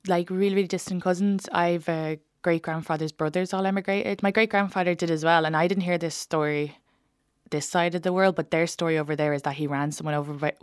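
A woman comedian chatting in an interview, telling animated stories quickly with bursts of laughter. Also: lowish voice, clean tone, no room sound, studio quality. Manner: fast, animated, laughing storyteller. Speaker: stand-up comedian, guest. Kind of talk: casual interview chat, storytelling.

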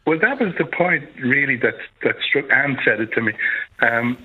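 A man's voice: mid-range voice, animated, normal speed. A man with a Dublin accent calling in to a radio show, chatty and rambling, laughing between points. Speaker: caller. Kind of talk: phone-in chat. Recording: husky voice over a phone line.

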